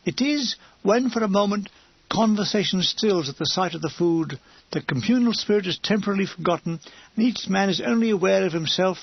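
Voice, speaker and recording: A man's voice: high voice, animated, a little fast, breathy edge, dry recording. A man reading a comic war memoir as an audiobook, with wry, descriptive storytelling on a dull, dry recording. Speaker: audiobook reader.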